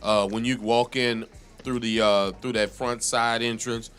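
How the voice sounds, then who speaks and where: A man's voice: medium pitch, flat delivery, measured pace, a bit bright, smooth, soft background music. A man co-hosting a radio talk show, praising his guest in an earnest way. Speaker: radio co-host. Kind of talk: casual radio chat. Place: radio studio.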